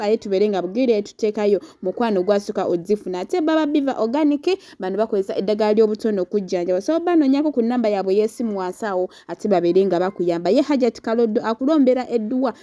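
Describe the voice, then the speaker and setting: A woman narrating celebrity gossip news for her vlog in a lively, chatty way. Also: mid-range voice. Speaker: entertainment news vlogger.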